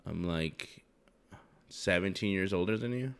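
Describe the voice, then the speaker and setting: Teasing low-voiced man on a podcast. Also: a little slow, smooth. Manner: teasing, joking, talks loud. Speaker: podcast co-host. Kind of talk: casual podcast banter. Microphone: headset mic.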